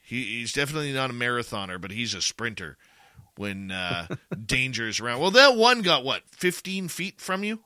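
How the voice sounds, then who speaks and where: A man's voice: mid-range voice, big pitch swings, normal speed, bright, forceful tone, no room sound, studio quality. A man hosting a casual chat, reading out listener questions and sharing his own story. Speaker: host.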